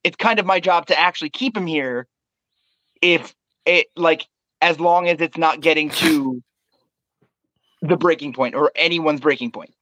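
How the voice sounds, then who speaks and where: A man's voice: a little high, unhurried, long pauses, sharp tone, dry recording, poor audio. A man who works in bars, talking casually and reflectively, often repeating words while he gathers his thoughts. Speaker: bar worker, co-host. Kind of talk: casual podcast chat.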